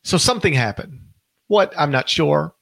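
A man's voice: on the high side, expressive, moderate pace, gravelly, a bit bright, no room sound. A middle-aged man hosting a podcast, talking casually, rambling and correcting himself, stressing key words. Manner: rambling, self-correcting, emphatic. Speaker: podcast host.

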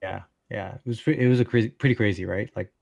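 A man's voice: on the low side, steady tone, quick pace, vocal fry, dry recording. A man co-hosting a casual sports podcast, easygoing and thinking aloud as he makes picks. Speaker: podcast co-host.

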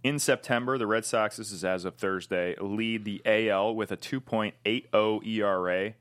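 A man with a lowish voice in a relaxed sports chat. He reads off figures and asks questions in a steady, even way. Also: normal speed. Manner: steady, prompting questions and stats. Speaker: podcast co-host.

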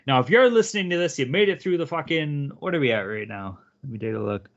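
Dude hosting a betting podcast, lively voice, cursing a lot, kinda dull audio. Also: male voice, fairly high pitch, fast, creaky. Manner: profane, hyped, animated. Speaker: podcast co-host. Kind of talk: casual sports betting podcast chat.

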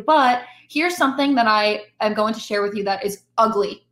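A woman's voice: a little high, normal speed, hardly any pauses, a bit bright. A woman, a musician talking candidly and self-deprecatingly as a podcast guest. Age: 20s. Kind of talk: casual interview chat. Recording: roomy echo.

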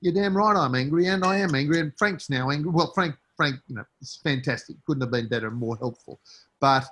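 Aussie author guy in an interview, highish voice, gets worked up and hammers his points, repeats himself a lot. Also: fairly quick, fairly bright tone, slight background noise. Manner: emphatic, repeats phrases, rises to indignant peaks. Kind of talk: impassioned interview answers.

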